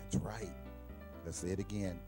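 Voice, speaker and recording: Low-voiced man hosting a kids' lesson. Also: steady tone, loud music behind the voice. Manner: slow, repetitive, coaxing call-and-response. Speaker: children's show host. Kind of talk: teaching preschoolers.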